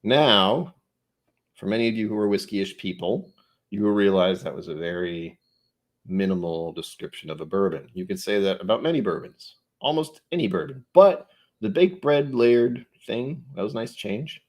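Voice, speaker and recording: A man's voice: lowish voice, moderate pace. Rambling man tasting whiskey on stream. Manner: rambling, thinks aloud, self-correcting. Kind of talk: casual tasting livestream chat.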